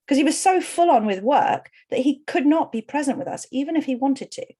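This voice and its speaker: A woman's voice: high-pitched, expressive, fairly quick, warm tone, slightly rough. A middle-aged woman coach leading an online workshop. She explains earnestly and often talks in repeated lists.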